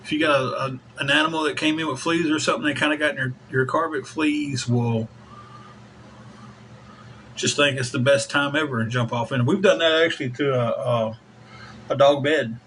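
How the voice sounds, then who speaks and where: A man's voice: mid-range voice, steady tone, moderate pace, fairly bright tone, slight background noise, rough recording. A man hosting a casual livestream, rambling in a folksy way and thanking viewers by name. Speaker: livestream host.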